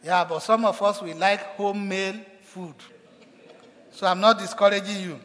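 A man's voice: high voice, steady tone, normal speed, fairly bright tone. A man preaching a sermon as pastor, with emphatic delivery that acts out quoted cries with rising force. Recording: echoey hall.

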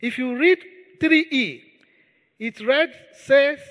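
A male pastor delivers a sermon in a very high, bright voice and takes his time over each phrase. He stresses and repeats key words. His voice rings with long reverb through the hall. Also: slow. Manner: emphatic, repeats key words, leads the congregation in prayer.

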